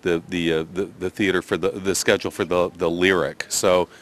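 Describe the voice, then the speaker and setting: A man's voice: low voice, flat delivery, fairly quick, a bit bright, a little hiss or hum. An older man with a Canadian accent, a theatre director answering interview questions thoughtfully, with many restarts and fillers. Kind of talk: press interview.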